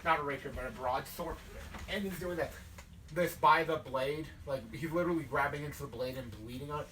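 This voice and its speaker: High-voiced game master, mic far off. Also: male voice, sharp tone. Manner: chatty, quick asides. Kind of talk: narrating a tabletop game. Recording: distant mic, faint noise.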